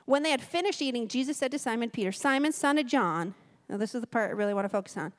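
A woman's voice: on the high side, animated, quick pace. A woman giving a conversational sermon, reading scripture aloud with chatty, joking asides. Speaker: guest speaker at a church service. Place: church service.

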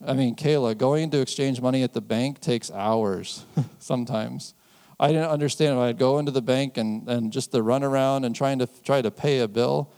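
A man in his fifties giving a conversational sermon, telling personal stories in a relaxed, anecdotal way. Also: mid-range voice, moderate pace. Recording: long hall reverb.

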